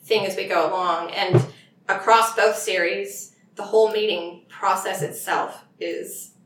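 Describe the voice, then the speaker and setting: A woman's voice: medium pitch, steady tone, a little slow. Chatty woman author, roomy distant sound. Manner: chatty, laughs often, many restarts. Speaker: author guest. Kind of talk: casual conversation. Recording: roomy audio from a distance with faint noise.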